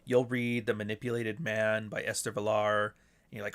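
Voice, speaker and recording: A man's voice: fairly low pitch, little pitch movement, fairly quick, fairly bright tone. A man hosting a podcast alone, rambling casually and swearing, with mocking asides. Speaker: podcast host. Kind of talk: casual solo monologue.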